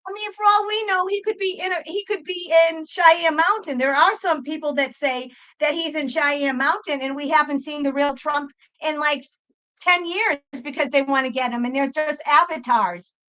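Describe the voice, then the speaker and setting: A woman's voice: high voice, moderate pace, sharp tone, highs cut off. A woman hosting a psychic livestream, talking back to her chat in a profane, exasperated rant. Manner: talks back to chat viewers.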